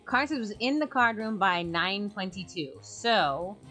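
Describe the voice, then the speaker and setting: A woman talking through a game playthrough, planning moves out loud in a plain way. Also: medium pitch, lively intonation, measured pace, faint music behind. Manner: thinking aloud, plainly spoken. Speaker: gamer.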